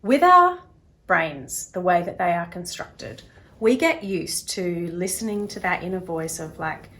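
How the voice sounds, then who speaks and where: Talking to camera in a self-help video, this woman sounds animated and unhurried, her pitch fairly low. She's chatty, voicing small quoted characters while explaining, and sometimes softens into a quiet tone.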